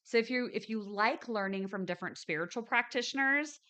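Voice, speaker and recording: A woman's voice: on the high side, fairly quick, pushed and bright, clean tone. A woman hosting a spiritual live stream, talking to her viewers in a chatty, upbeat way with frequent ums and restarts. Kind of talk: casual live stream chat.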